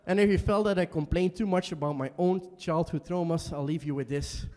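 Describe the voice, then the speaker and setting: A young man performing an emotional solo stage monologue in a small basement venue, swinging between quiet and shouting. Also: on the high side, fairly quick, in a large hall. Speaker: stand-up performer.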